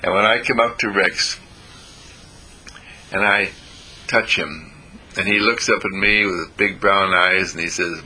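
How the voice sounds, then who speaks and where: A man leading a guided affirmation talk in a gentle way, repeating phrases. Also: on the low side, a little slow, husky. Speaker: inspirational speaker.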